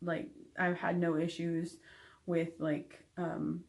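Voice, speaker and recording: Slow-talking candid woman vlogger. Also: lowish voice, little pitch movement, gravelly, darkish tone. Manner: candid, frank, with frequent ums. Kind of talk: casual recovery update to camera.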